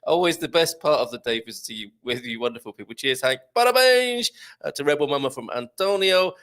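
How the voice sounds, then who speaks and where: A man's voice: medium pitch, fast, a bit bright. A man hosting a live chat show, reading out viewer comments in a jokey, chatty way. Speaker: host.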